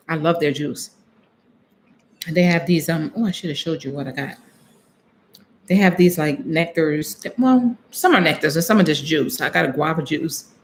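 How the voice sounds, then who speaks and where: A woman's voice: low-pitched, slight background noise. Chatty woman telling a travel story live. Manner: chatty, laughs often, acts out her own lines; talks straight to viewers. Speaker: vlogger on a live stream. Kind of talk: casual live-stream storytelling.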